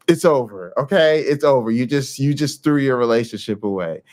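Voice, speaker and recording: A man hosting a casual commentary show, talking in a mocking, animated way and often repeating himself. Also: medium pitch, fairly quick, hardly any pauses. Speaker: host.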